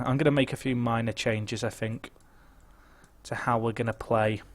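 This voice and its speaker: A young man giving chatty live commentary on a football management game, nervous and excitable, muttering and then shouting. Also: medium pitch, normal speed. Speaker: game streamer.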